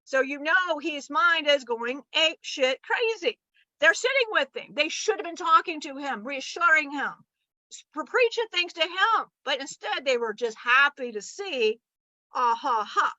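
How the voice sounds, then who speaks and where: Bright, high-voiced woman channeling a teaching. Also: measured pace, no room sound, poor audio. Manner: animated, blunt and profane, acting out quoted voices.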